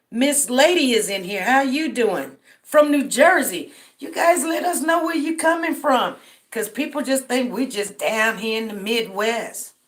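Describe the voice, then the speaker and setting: A middle-aged woman from Denver, tired, hosting a casual livestream and greeting viewers by name. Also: fairly high pitch. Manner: greets viewers by name, drawls friendly shout-outs. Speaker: livestream host. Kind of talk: casual livestream roll call.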